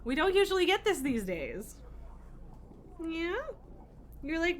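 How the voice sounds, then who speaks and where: A woman's voice: very high-pitched, wildly swooping pitch, a little slow, pauses often. A woman streaming live, chatting casually and cooing in baby talk at her pet between laughs.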